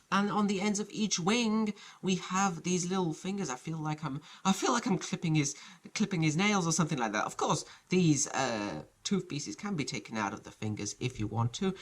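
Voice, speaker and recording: A reviewer talks through a toy set from a small home studio, voice rising and falling in a lively, animated way. The delivery is chatty and hesitant, with phrases often broken off and started again. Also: mid-range voice. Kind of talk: casual show-and-tell review.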